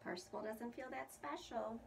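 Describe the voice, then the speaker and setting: A woman's voice: fairly high pitch, moderate pace, vocal fry. A woman preschool teacher reading a picture book aloud to young children, asking them questions about the pictures. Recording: distant mic with faint room noise.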